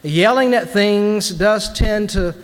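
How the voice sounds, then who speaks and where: A man giving a sermon-style devotional to lawmakers, dramatic, swinging between loud bursts and hushed lines, at a podium microphone in a large chamber. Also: sits high, takes it slowly. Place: large legislative chamber, indoors. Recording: long reverb of a large hall.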